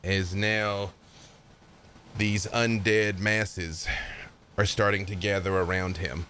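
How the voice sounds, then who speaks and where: A man's voice: sits low, level tone, takes it slowly, pushed and bright, a little hiss or hum. A man narrating a tabletop game as game master in a laid-back way, with fillers.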